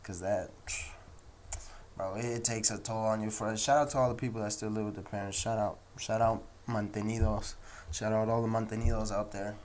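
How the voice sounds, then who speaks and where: A man's voice: lowish voice, little pitch movement, brisk, darkish tone, slight background noise. A young man with an American accent hosting a casual solo podcast, telling stories in a loose, rambling way. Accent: American English. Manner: loose and rambling, acts out quoted people in raised voices. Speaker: podcast host.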